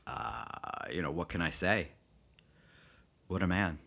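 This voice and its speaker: A man giving a halting, offhand mock tribute with lots of fillers. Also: low-pitched, expressive, vocal fry, bright, forceful tone. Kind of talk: mock tribute comedy bit.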